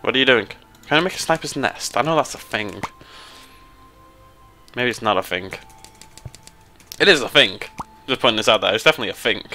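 An excitable British man narrates a game in a casual commentary, his voice swinging widely in pitch with a bright, forceful edge. He is prone to sudden high squeals, with faint game music behind him. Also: a little fast, pauses often. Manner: excitable, jumps into high squeals when surprised or delighted. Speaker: let's play host.

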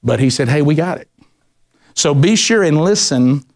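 A middle-aged man teaching a men's Bible study, telling lively stories and acting out voices. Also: a little high, moderate pace, vocal fry. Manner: animated storyteller, acts out voices, ranting bursts.

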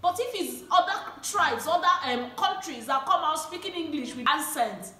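A woman's voice: high voice, animated, moderate pace, bright, forceful tone, reverberant. A young adult woman from Nigeria with an Igbo accent, talking earnestly to her viewers, pleading and often repeating herself with a questioning "eh?". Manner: passionate and pleading, repeats words, frequent "eh?". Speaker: vlogger. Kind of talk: earnest talk to camera.

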